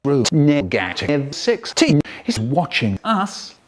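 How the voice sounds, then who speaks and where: A man's voice: fairly high pitch, huge pitch swings, slow pace. A man performing comic poems and stories, theatrical and full of playful put-on voices. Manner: theatrical, with playful mock voices and exaggerated timing. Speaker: children's poet and storyteller.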